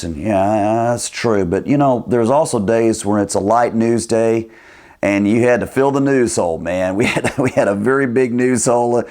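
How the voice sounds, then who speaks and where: A man with a somewhat low voice tells an old work story in a casual, chatty way. He laughs easily and fills his talk with "man" and "you know". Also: normal speed, a little mellow. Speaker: former TV news cameraman.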